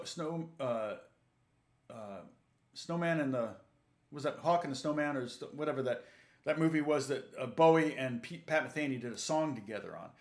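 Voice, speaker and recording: A man's voice: fairly high pitch, echoey room. A man, a guitar teacher telling a rambling story in casual livestream chat and acting out both sides of a conversation.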